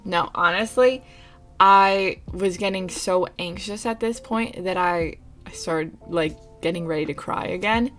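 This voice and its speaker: A young adult woman vlogger telling a casual story in an animated way, with frequent swearing. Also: fairly low pitch, a little slow, faint music behind. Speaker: vlogger and streamer.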